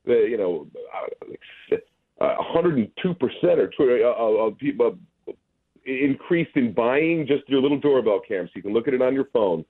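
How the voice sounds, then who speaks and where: Husky man on a tinny phone line. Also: mid-range voice, animated, normal speed. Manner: rambling, hesitant, full of restarts. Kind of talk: casual phone interview.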